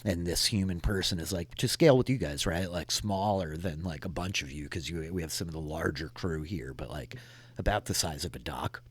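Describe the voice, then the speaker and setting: A man's voice: low-pitched, fairly quick, slightly rough. A man narrating a tabletop game as game master, rambling with many fillers.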